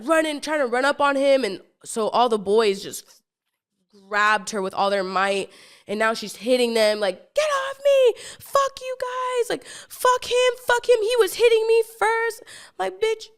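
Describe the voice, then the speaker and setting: A woman's voice: fairly high pitch, a bit bright, clear, resonant tone. A young woman hosting a podcast who tells a story in a casual monologue. She talks breathlessly, fills her speech with "like" and repeated words, and swears freely. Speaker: podcast host.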